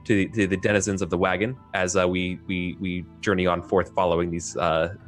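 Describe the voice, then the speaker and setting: A man's voice: deep voice, little pitch movement, fairly quick, soft background music. A man playing a tabletop game, describing his character's actions in wordy, mock-formal phrasing. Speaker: player. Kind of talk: casual role-play chat.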